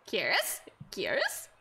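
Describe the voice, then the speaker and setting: A woman VTuber streaming a game, excitable and bubbly, reacting with playful outbursts. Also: very high voice, a little hiss or hum. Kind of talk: gameplay live stream.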